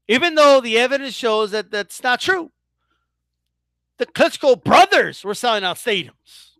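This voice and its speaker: A man's voice: extremely high pitch, animated, unhurried, creaky, pushed and bright, dry recording. A man ranting in a casual vlog as a boxing commentator, swearing freely, stumbling into restarts and keeps asking his viewers "right?". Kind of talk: casual opinion rant.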